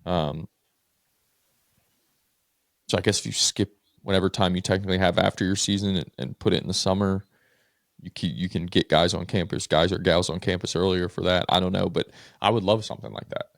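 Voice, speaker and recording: A man's voice: low-pitched, steady tone, fairly quick, creaky, no echo, studio quality. A man co-hosting a casual podcast, talking loosely and hedging, admitting what he does not know. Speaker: podcast co-host.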